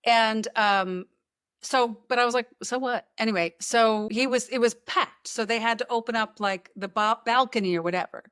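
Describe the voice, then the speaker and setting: A woman's voice: a little high, normal speed, a bit bright, smooth, no room sound, clean studio sound. A woman hosting a podcast, telling rambling, joking stories in casual chat. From United States. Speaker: podcast host.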